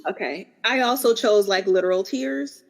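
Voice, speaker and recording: A woman's voice: mid-range voice, moderate pace. A young adult woman co-hosting a book podcast, chatting casually and laughing at herself.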